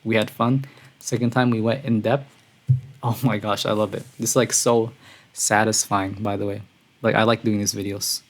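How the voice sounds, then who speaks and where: A man streaming a music reaction, talking casually and excitedly, breathless and calling his viewers "bro". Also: lowish voice, normal speed. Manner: excitable, says "bro" often, gushing. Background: song playing quietly.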